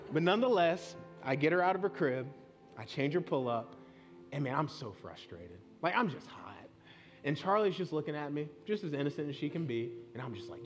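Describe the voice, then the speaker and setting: A man's voice: fairly high pitch, expressive, normal speed, soft background music. Earnest man preaching a sermon. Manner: earnest, conversational preaching with personal stories. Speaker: pastor. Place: church sanctuary.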